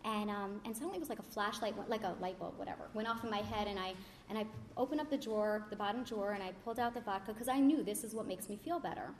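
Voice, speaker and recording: A woman's voice: medium pitch, rapid-fire, few pauses, slight background noise. A young adult woman candidly telling her life story in a casual way, with many fillers and restarts. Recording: roomy echo with faint ambience.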